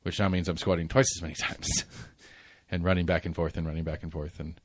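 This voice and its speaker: A man's voice: low voice, flat delivery, quick pace, slight background noise. A man in his forties hosting a casual podcast chat, rambling through stories with restarts and laughs. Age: 40s. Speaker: podcast host.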